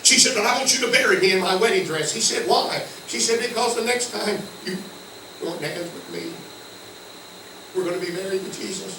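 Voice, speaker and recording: A man's voice: brisk, recorded from a distance, noisy background. Older Southern man preaching, echoey church. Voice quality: folksy storytelling with sudden shouts and hushed low passages. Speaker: guest preacher. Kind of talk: sermon. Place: church sanctuary.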